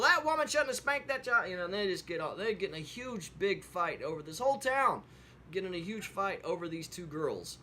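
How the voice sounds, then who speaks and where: With a voice that sits high, bright and forceful, a video host rambles through a folksy devotional story full of fillers, then wraps up with an earnest sermon. A little hiss or hum is audible.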